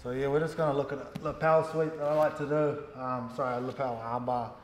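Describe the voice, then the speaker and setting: A man with a New Zealand accent, a gym coach talking casually and explaining technique in a relaxed, slangy way. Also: mid-range voice, fast. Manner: relaxed, slangy, lots of fillers. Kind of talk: casual interview and technique instruction. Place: gym hall. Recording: echoey gym hall.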